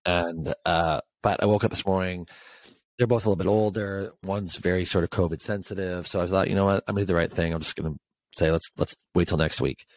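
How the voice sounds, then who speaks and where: A man co-hosting a casual chat show, telling a story as an animated rant with swearing. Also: sits low, a little fast, dry recording. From Canada. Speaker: podcast co-host.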